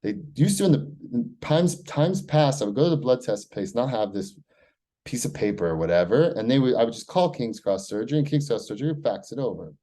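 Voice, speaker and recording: A man's voice: mid-range voice, animated, a little fast, dark tone. An American man talking in a loose, rambling monologue, swearing freely and filling with "like" and "right?". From United States. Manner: loose and profane, heavy use of "like" and "right?". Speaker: vlogger keeping a spoken personal log.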